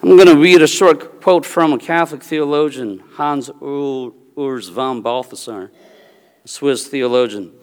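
A pastor from the United States gives a sermon and tells a personal family story in an earnest way, often checking in with "Okay?". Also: male voice, mid-range voice, measured pace, darkish tone, clean tone. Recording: long reverberant hall sound.

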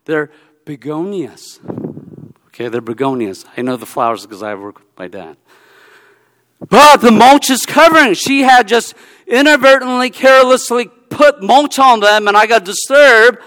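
Male preacher, high and clear, animated sermon delivery with repeated "okay?", in a reverberant hall. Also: moderate pace. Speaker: pastor.

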